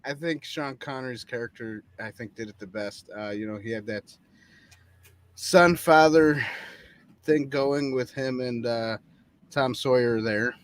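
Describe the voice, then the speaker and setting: A man co-hosting a casual movie-review podcast, playful and laughing often between halting remarks. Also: medium pitch, no room sound. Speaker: podcast co-host. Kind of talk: casual chat. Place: studio booth.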